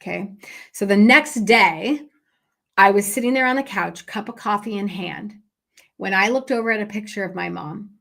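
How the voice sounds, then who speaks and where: A woman's voice: medium pitch, normal speed, gravelly, fairly bright tone. A woman, a business coach hosting a podcast, telling a personal story in a casual, conversational way, with lots of fillers and questions to her listeners. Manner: frequent fillers and tag questions.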